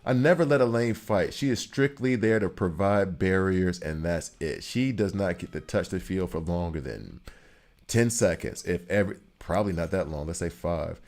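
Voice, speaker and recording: A man's voice: low voice, animated, normal speed, darkish tone. A man giving casual, rambling commentary while playing a video game, joking and repeating himself for emphasis. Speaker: gaming streamer.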